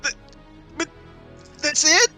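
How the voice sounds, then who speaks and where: A man's voice: medium pitch, expressive, a little fast, a bit bright, soft background music. A man voicing a confused man just restored from were-rat form, stammering his questions. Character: bewildered man freed from a were-rat curse.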